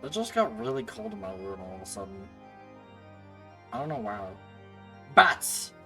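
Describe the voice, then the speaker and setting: A man's voice: mid-range voice, big pitch swings, brisk, creaky, over music, poor audio. A man streaming a video game, chatting casually and joking to himself. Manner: playful, joking, talks to himself.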